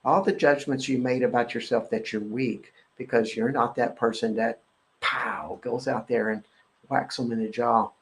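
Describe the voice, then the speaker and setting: A man hosting a live energetic clearing session, repeating a chant-like clearing phrase and talking in a halting way with many fillers. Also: medium pitch, rough recording. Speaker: host and energy-clearing practitioner. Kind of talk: guided energetic clearing talk on a live show.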